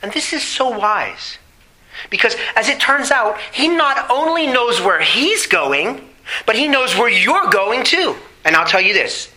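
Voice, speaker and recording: Bright-voiced man preaching a sermon. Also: sits high, low-quality recording. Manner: preaching with rhetorical questions and emphatic slow phrases. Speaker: pastor.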